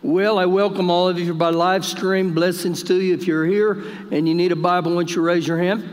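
A man with a notably high voice preaches a live Sunday sermon, jovial and talking directly to his congregation. The church around him rings with a long reverb. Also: little pitch movement, brisk. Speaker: pastor. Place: church sanctuary during service.

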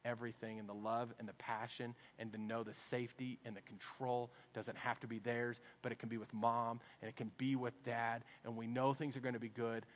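A man with a Texan accent preaching a sermon, swinging from hushed, low passages up to loud, emphatic ones. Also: flat delivery, a little fast, few pauses. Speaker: pastor. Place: church sanctuary. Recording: long hall reverb.

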